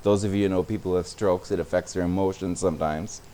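A man's voice: sits low, fairly even intonation, fast, dark tone, a little hiss or hum. A man preaching a sermon as a pastor, speaking conversationally and sometimes repeating words.

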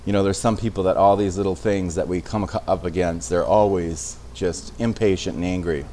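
A man's voice: low-pitched, fairly even intonation, brisk, mellow, slight background noise. A man teaching an informal Bible study in a conversational way, often restarting phrases and checking in with his listeners. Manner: conversational, with frequent restarts and tag questions.

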